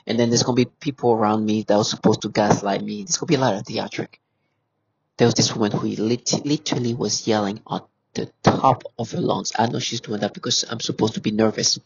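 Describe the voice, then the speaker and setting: A man's voice: on the low side, steady tone, a little fast, creaky, breathy edge, no room sound. A man giving an agitated, repetitive monologue as a vlogger, his voice often climbing as he gets worked up. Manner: agitated, repetitive, voice rising when upset. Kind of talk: casual monologue to camera. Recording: dull lo-fi audio with faint noise.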